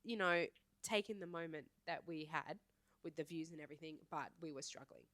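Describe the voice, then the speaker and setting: A young woman, co-hosting a podcast in a playful, animated, storytelling chat. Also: deep voice, brisk, no room sound. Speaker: podcast co-host. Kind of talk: casual chat.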